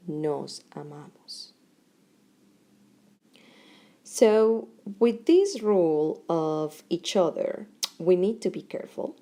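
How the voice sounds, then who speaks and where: Speaking in short, deliberate phrases with pauses, a middle-aged woman teaches a Spanish grammar lesson in English. Her voice sits low and is creaky and mellow.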